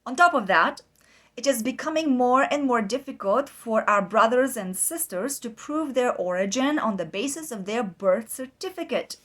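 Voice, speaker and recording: A woman's voice: a little high, animated, fairly bright tone. Earnest Bulgarian woman host. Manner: earnest, pauses with fillers, stresses words. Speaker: podcast host. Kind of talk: informal commentary reading from articles.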